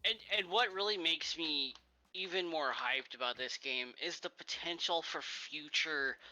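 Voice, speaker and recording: A man with a very bright, cutting tone and a slightly raised pitch, chatting casually about games as a guest. He is easygoing and agreeable, and he hedges his opinions. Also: measured pace, rough recording. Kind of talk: casual gaming chat.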